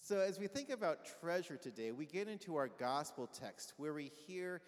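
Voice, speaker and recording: A man's voice: fairly high pitch, sing-song, moderate pace. A pastor giving a conversational sermon, asking his congregation questions and having them call back answers. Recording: long reverb of a large hall.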